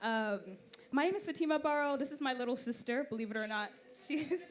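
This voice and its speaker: A woman introducing herself on an outdoor festival stage, speaking softly and with some hesitation. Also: sits high, fairly quick. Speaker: festival performer.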